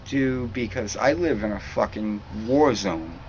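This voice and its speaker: A man's voice: on the low side, animated, a little slow, a little mellow, slight background noise, rough recording. A young man from New England in a rambling, heated, profane monologue to camera. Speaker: vlogger.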